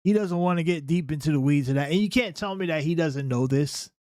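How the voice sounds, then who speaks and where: A man's voice: fairly high pitch, a little fast, darkish tone, no room sound, studio quality. A man hosting a political reaction commentary, talking emphatically and often checking in with "right?". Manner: emphatic, keeps asking "right?".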